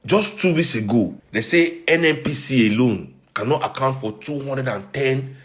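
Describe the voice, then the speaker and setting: A man's voice: medium pitch, normal speed. A man with a Nigerian accent giving heated social commentary, rhetorical and emphatic.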